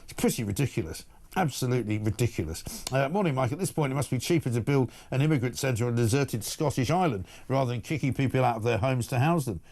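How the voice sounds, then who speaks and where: A man's voice: mid-range voice, animated, quick pace, a little mellow. A male morning talk-show host who reads out listener messages and gives blunt, indignant opinions.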